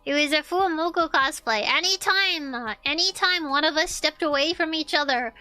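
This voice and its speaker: Young woman, streamer, casual story chat, repeats herself, swears a lot, high pitch, faint background music. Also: normal speed, no echo. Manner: animated, swearing, repeats lines, laughs often.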